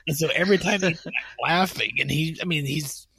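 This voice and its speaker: Gravelly husky podcast co-host man. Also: a little high, normal speed, pushed and bright, no room sound. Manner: upbeat, laughs often. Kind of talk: casual podcast chat.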